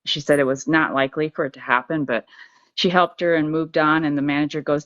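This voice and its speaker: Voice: medium pitch, steady tone, fairly quick, a bit bright, no echo. Dull-sounding caller telling a story. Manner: conversational storytelling, a few stammers. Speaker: caller getting a reading.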